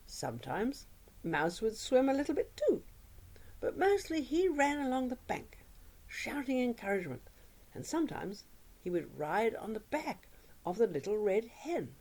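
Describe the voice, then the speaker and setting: A woman tells a children's story aloud, her voice sing-song and richly expressive. Her pitch rises and falls in wide, lively swoops, and she drops to a hush for drama. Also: breathy edge. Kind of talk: oral storytelling for young children.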